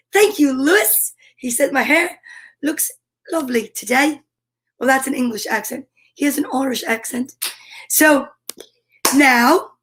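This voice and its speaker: A woman with a scratchy, raspy voice, hosting a live-stream story time in bubbly, enthusiastic casual chat. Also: sits high, a bit bright.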